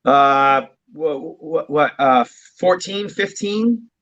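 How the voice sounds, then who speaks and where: Drummer guy from new jersey, rambly storyteller, kinda high voice, muffled dull audio. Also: expressive, takes it slowly, a bit bright. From New Jersey, USA. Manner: rambling, storytelling, chuckles often. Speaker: guest drummer. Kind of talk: casual interview chat.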